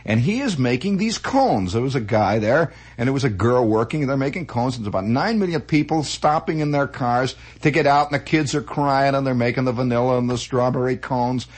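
A man telling comic stories in a rambling, animated way, full of restarts and acted-out voices. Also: medium pitch, fairly quick, hardly any pauses, breathy edge. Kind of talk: comic storytelling monologue.

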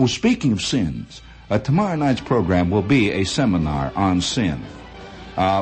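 Husky, animated male radio storyteller. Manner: animated, dramatic, swooping into high voices. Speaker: radio host. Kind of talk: storytelling monologue.

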